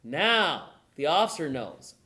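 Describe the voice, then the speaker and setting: A woman's voice: low-pitched, slow pace. A woman giving a live talk to a group, asking the audience questions and acting out conversations. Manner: animated, acts out conversations, asks the audience questions. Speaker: presenter at a gun owners' meeting.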